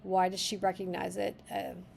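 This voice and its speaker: A woman's voice: mid-range voice, little pitch movement, moderate pace, gravelly, a little hiss or hum. A woman reading a story draft aloud and stopping to suggest edits, thinking aloud as she goes. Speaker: writing critic reading a manuscript. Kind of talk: reading aloud with editing feedback.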